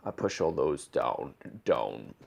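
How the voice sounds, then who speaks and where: A speaker demonstrating a deliberately low, fry-heavy voice in an instructional clip. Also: big pitch swings, darkish tone. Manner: demonstrates a deep vocal fry.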